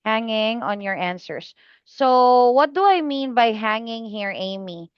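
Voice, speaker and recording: A woman tutoring a student in speaking, patient and slow, repeating the student's name often. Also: fairly high pitch, lively intonation, clean tone, no echo, lo-fi sound. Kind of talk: one-on-one online lesson feedback.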